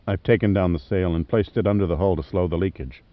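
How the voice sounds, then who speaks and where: A male narrator voicing a hardened, tired adventurer at sea, low, soft and steady. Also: fast, dry recording, lightly acted. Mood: calm. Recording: slightly muffled dry studio.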